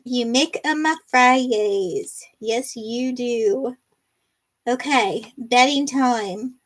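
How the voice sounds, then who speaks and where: A giggly middle-aged woman hosts a relaxed livestream, chatting with viewers and reading out their comments. Her voice sits high and she takes her time over the words. She laughs a lot and keeps things bubbly. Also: very slow. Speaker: livestream host. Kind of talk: casual live-stream chat, reading viewer comments.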